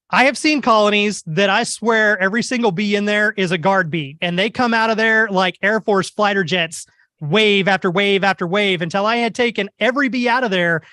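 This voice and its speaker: A beekeeper speaking at a club meeting, telling a story in an animated, wry way. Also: male voice, high-pitched, no echo. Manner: animated, wry anecdotal delivery. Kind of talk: humorous storytelling talk.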